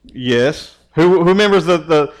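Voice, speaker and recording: Joking youth pastor, lilt. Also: male voice, a little high, lively intonation, a little slow. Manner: joking, teasing, asks the group questions. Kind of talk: casual youth sermon.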